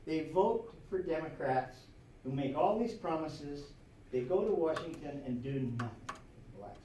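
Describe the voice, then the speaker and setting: Captured from the far side of an echoey classroom with slight background noise, a man with a high-ish, mellow voice teaches history at a measured pace. His delivery is animated, full of rhetorical questions and asides he chuckles through.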